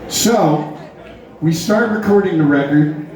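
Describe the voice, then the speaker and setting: Slow-talking middle-aged man in an echoey hall. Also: a little high, a little mellow. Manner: joking, laid-back, chuckling. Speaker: rock singer on stage. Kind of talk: storytelling between songs at a live show. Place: large concert hall. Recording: echoey hall, distant, with crowd noise.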